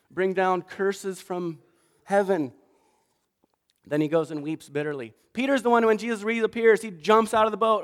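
A pastor giving a sermon, telling stories in an animated way and acting out the quoted voices. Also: male voice, sits high, brisk. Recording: long reverb of a large hall.

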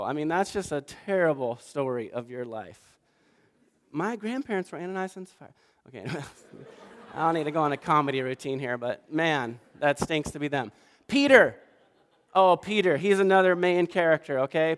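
A pastor giving a sermon, telling stories in an animated way and acting out the quoted voices. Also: male voice, fairly high pitch. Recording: long reverb of a large hall.

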